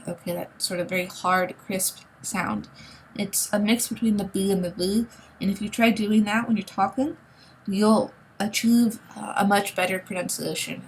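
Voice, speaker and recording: A woman's voice: medium pitch, slight background noise. A woman teaching a recorded online language lesson, explaining words and sounds patiently and checking in with a frequent "okay?". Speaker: Spanish teacher.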